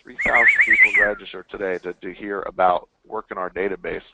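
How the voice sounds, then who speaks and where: A man hosting a webinar in casual chat, with an energetic, hyped promotional delivery. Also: low-pitched, fairly quick, heavy background noise. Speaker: webinar host. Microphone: call or webinar line. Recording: tinny phone-line audio.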